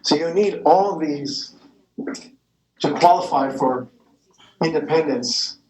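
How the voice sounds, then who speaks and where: A man's voice: fairly high pitch, takes it slowly, darkish tone, echoey room, rough recording. A man lecturing a math class, rambling and correcting himself as he goes, with the odd chuckle. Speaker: math professor.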